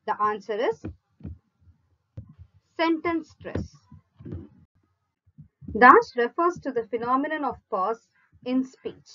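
Slow, bright-voiced woman reading quiz questions. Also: high-pitched, lively intonation, dull audio. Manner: measured, reads each option in a list then gives the answer. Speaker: teacher reading exam questions. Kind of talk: slow read-out quiz lesson.

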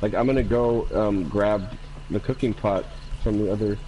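A man's voice: lowish voice, moderate pace, mellow, slight background noise, poor audio. A man chatting and laughing while playing a game with friends. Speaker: gamer streaming with friends. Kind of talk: casual chat.

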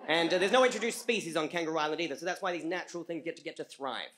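An Australian man telling a comic story on a live stage, halting with frequent repeats and fillers. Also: fairly high pitch, fairly bright tone, slight background noise. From rural Australia.

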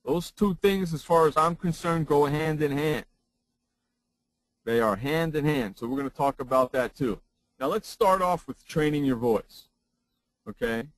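A man's voice: fairly high pitch, lively intonation, a little slow, dry recording, low-quality recording. A man who hosts a sports talk radio show, giving a seminar presentation on broadcasting and repeating his points for emphasis into his own broadcast microphone.

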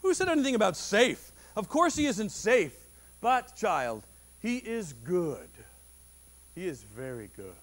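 A man reading aloud the part of a kindly, wise old male beaver from a storybook, in an earnest voice that slows on key words. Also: high-pitched, very animated.

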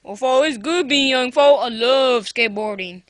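A woman playing a greedy, excitable young boy who calls people fool and noisily kisses his gold coins in a homemade puppet comedy. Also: high-pitched, normal speed, no room sound. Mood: cheeky.

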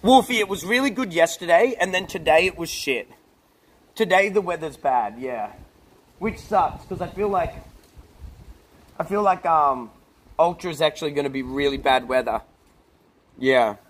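A man's voice: on the high side, expressive, moderate pace, long pauses, slight background noise. A young man streaming outdoors by a pool, chatting casually with his viewers and often bursting into laughter. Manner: laid-back, talks to chat, bursts into laughter. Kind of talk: casual live-stream chat.

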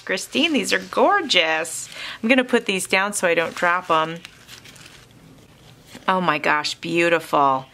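A woman's voice: mid-range voice, pushed and bright. A woman craft vlogger opening mailed crafts on camera, gushing with enthusiastic exclamations and reading the notes aloud. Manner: reads card messages aloud. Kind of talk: casual unboxing chat to camera.

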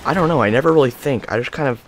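A man's voice: medium pitch, very fast, a little hiss or hum. A young man casually commenting on his gameplay, rambling and breaking into panicked yelps and whining. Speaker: gaming YouTuber.

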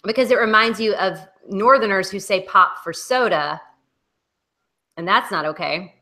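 A woman with a Southern American accent chats about books, opinionated and quick to laugh. Her voice is bright and forward, at a middle pitch. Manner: opinionated, chatty, laughs often. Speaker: podcast co-host. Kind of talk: casual book club chat.

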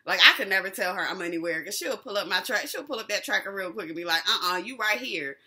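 A woman hosting a casual TV episode recap, animated and slangy, who laughs often. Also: mid-range voice, quick pace. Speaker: TV recap host.

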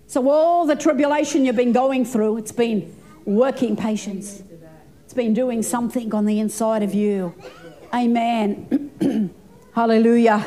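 A woman's voice: on the high side, mellow. A woman pastor in her sixties preaching a fervent sermon, stretching and repeating her phrases.

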